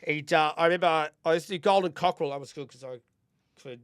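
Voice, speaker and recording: An Australian man co-hosting a podcast, telling a personal story in candid casual chat, swearing constantly and rambling from quiet mutters to loud bursts. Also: a little high, quick pace, smooth, no room sound, studio quality. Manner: drops quiet then bursts louder. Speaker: podcast co-host.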